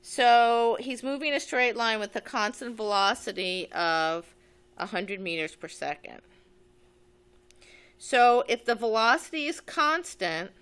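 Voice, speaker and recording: Woman, physics teacher, bright clear voice, methodical, thinks aloud while working. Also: medium pitch. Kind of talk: step-by-step physics lesson.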